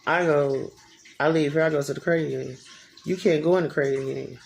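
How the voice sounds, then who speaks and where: This is a vlogger in their thirties recounting a story straight to camera, loose and casual. The voice carries a rough, creaky fry. They swear constantly and lean on repetition to drive a point home. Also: mid-range voice, fairly even intonation, brisk, slight background noise. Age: 30s. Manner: profane, emphatic, repeats phrases for effect.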